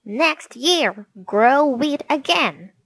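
Lady doing a squeaky angry little gnome guy, yells at everything, storybook, dry close sound. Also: slow pace, no echo. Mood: boastful. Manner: shouting, indignant. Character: small quick-tempered male gnome.

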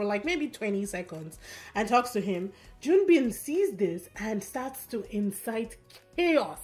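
A woman giving a casual, animated recap of a competition show, telling the story quickly with fillers and quick asides. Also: on the high side. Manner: animated, fast storytelling with fillers and acted quotes. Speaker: recap vlogger.

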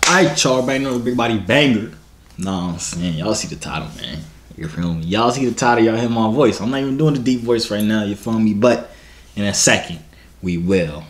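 A man's voice: on the low side, animated, fairly quick, soft background music. A young man vlogging in casual chat, slangy and asking "you feel me" again and again.

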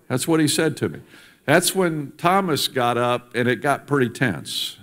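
A man with a fairly high, expressive voice addresses a church congregation at normal speed. He is a politician speaking in the sanctuary, driving his points home forcefully and repeating them to build momentum.

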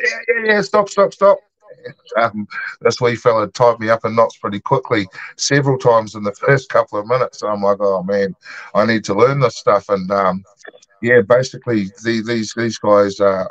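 Low-voiced New man, easygoing. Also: no echo. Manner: easygoing, rambling, many ums and uhs. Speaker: guest, martial arts gym founder. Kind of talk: casual interview storytelling. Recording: dull lo-fi dry sound.

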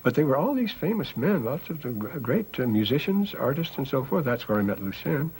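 A man's voice: mid-range voice, brisk, slight background noise, rough recording. An older man animatedly recounting his wartime memories in an interview, chuckling as he tells them. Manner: animated storyteller, chuckles while talking. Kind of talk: reminiscing war stories. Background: music score.

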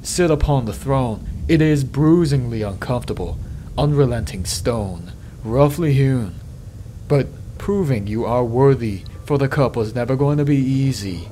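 A man hosting a let's play, reading game text aloud in a measured, dramatic way and adding his own commentary. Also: animated, mellow, slight background noise. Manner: measured dramatic reading, dropping low and slow on ominous lines.

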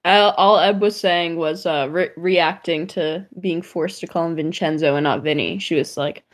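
A giggly woman at the game table, her voice sitting fairly low for a woman. She describes her character's actions in quick, casual bursts. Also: steady tone. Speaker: player.

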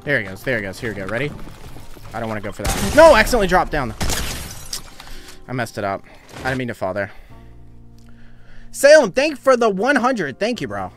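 A man's voice: mid-range voice, wildly swooping pitch, brisk, pauses often, music in the background. Chatty young man streaming a game. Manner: chatty, laughs often, reads donations aloud. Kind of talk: casual live-stream chat while gaming.

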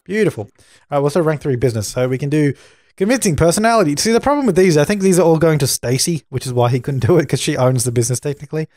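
A man's voice: on the high side, very fast, darkish tone, no room sound, clean studio sound. A young man doing let's play commentary, bossy and exasperated as he scolds the characters on screen. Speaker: gaming channel host.

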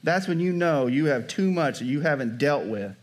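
A pastor preaching a sermon in a conversational way, often checking in with the congregation by asking "Amen?" and "right?". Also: male voice, on the high side, animated, moderate pace.

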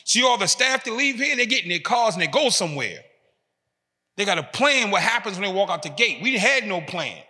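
A man in his fifties speaks in a high, bright voice. He tells his story with emphasis and leans on short, repeated phrases. His voice rings out with a long echo in a large hall. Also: sing-song, fairly quick. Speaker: speaker giving a talk to prisoners. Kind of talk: motivational talk.

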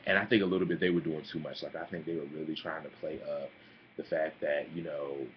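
Young male vlogger, deep voice, sassy and animated, muffled home mic with faint hiss. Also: fairly quick. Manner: sassy, animated, calls listeners honey and girl. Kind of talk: casual opinion vlog.

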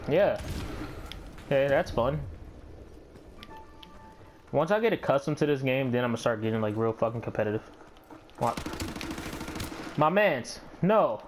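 A channel host with a medium-pitched voice mumbles crude, self-deprecating remarks as he games. There's background music and a bit of hiss or hum.

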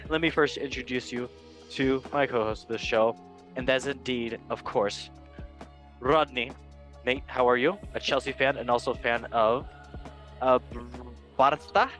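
A man's voice: mid-range voice, steady tone, measured pace, faint music behind. Playful man hosting a sports chat. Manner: playful, jokey, swings between loud and quiet asides. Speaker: host. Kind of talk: casual comedic sports chat.

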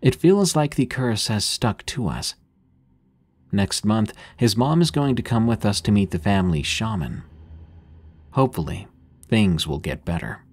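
A man narrating horror stories in a calm, measured, scripted reading. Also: lowish voice, husky.

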